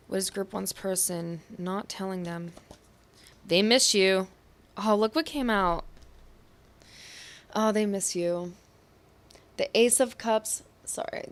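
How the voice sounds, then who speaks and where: A young woman giving a tarot reading to her viewers, with a gentle, affectionate manner and frequent intuitive asides. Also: medium pitch. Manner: intuitive, says what she hears or feels. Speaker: tarot reader. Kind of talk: pick-a-card tarot reading.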